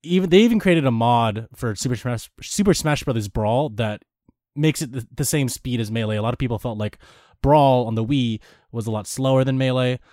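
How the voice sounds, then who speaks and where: A man's voice: mid-range voice, brisk, darkish tone, no room sound, clean studio sound. A young man on a podcast, chatting casually about games and rambling with restarts and fillers. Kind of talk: casual gaming chat.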